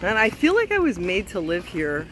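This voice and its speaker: A woman's voice: mid-range voice, huge pitch swings, normal speed. A woman from Canada vlogging while she walks through an outdoor city park, gushing and exclaiming as she talks into a handheld phone. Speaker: travel vlogger. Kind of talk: casual walking vlog. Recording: outdoor park noise behind.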